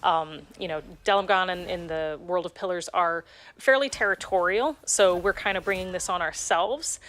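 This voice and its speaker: A woman game director calmly explaining a game in a preview video. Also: lowish voice. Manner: measured, explanatory.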